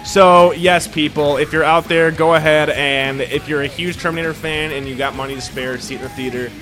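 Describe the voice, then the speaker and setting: A man in casual podcast chat, reviewing a film in a rambling, excitable way, swearing heavily and full of filler words. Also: a little high, fairly quick, over music. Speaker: podcast co-host reviewing a movie.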